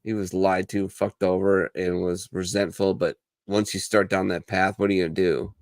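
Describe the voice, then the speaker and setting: A man with a gravelly, fairly low voice hosts a casual veterans' chat, swearing freely and acting out the people in his stories. The recording is dry and close. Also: level tone, moderate pace, a little mellow, no room sound. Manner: profane, storytelling, acts out quoted voices. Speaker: podcast host.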